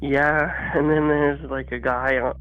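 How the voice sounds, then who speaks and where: A man co-hosting a comedy podcast, meandering through dry, deadpan banter. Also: medium pitch, measured pace, clean tone, soft background music. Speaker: podcast co-host. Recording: muffled lo-fi audio.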